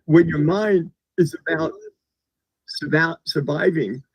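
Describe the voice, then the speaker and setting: A man from the United States, a guest in a casual conversation, who talks haltingly and repeats words as he starts his sentences. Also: fairly high pitch, breathy edge, dry recording. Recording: dull lo-fi recording.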